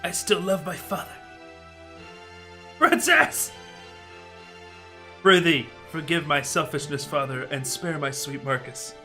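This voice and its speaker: A pleading young princess in a staged play, full of old-fashioned thees and prithees, as a man puts her on. The voice is very bright and rather high, and faint music plays behind it. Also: expressive, slow pace, long pauses, heavily acted. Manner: archaic theatrical speech.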